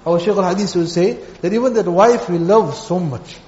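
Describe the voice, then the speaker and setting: A man with a high voice preaches a sermon, repeating key phrases and telling everyday stories. The sound is dull and muffled, with a long reverb from a large hall. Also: normal speed, a little mellow. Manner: storytelling with repeated phrases and acted quotes. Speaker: Islamic preacher.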